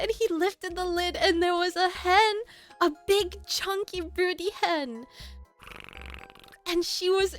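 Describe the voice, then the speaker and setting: A woman streamer telling a story casually to her chat, animated and laughing often. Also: very high voice.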